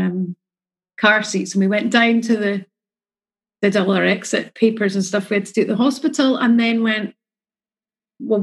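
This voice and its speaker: A woman's voice: mid-range voice, breathy edge, rough recording. A middle-aged woman, chatting emotionally about her experiences as a mother and acting out the voices of the people in her story. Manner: chatty, emotional, acts out quotes. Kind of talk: casual storytelling.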